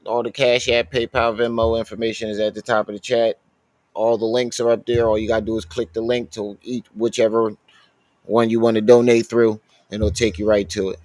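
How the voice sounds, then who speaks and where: A man's voice: lowish voice, level tone, fairly quick, a little mellow, dry recording. A man hosting a casual live commentary stream, reading out the chat and talking back at a clip.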